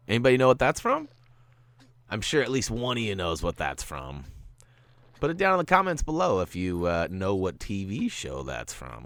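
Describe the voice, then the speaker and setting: A man's voice: low voice, very animated, normal speed, vocal fry, a bit bright, no echo. A man hosting a video game walkthrough, giving tips in a playful, jokey way with goofy asides. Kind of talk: gameplay commentary.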